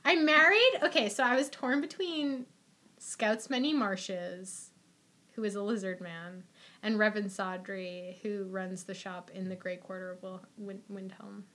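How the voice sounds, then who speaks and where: A woman's voice: mid-range voice, fairly even intonation, a little slow, bright, forceful tone. A young adult woman hosting a podcast, chatting casually in a rambling, giggly, playful way. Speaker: podcast host. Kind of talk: casual chat.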